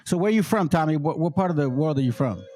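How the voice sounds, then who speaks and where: A man's voice: a little high, lively intonation, fast talker, warm tone, faint music behind. A man hosting a livestream call-in, arguing hard with a caller, cutting in and repeating himself. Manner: interrupting, challenging, repeats himself. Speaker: livestream host taking callers. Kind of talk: heated call-in debate.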